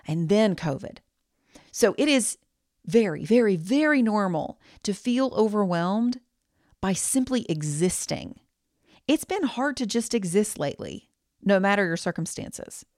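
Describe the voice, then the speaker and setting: A woman's voice: medium pitch, dry recording, studio quality. A woman hosting her own podcast, giving a candid, reassuring pep talk. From United States. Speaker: podcast host.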